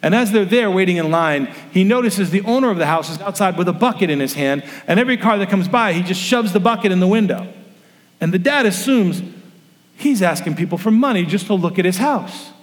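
Pastor preaching in a reverberant hall. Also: male voice, sits high, animated, a little fast. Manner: storytelling, acts out quoted voices. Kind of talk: sermon. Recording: long reverb of a large room.

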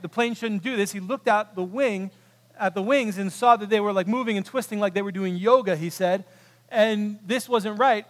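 A man preaching a sermon, telling a story with animated quoted voices, swinging from loud bursts to hushed, quiet moments. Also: high voice. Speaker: pastor. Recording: long hall reverb.

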